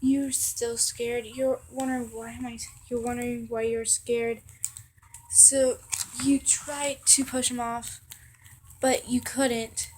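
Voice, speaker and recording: A young woman reading a second-person fan story aloud in a halting way, with fillers and restarts. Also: on the high side, darkish tone, a little hiss or hum.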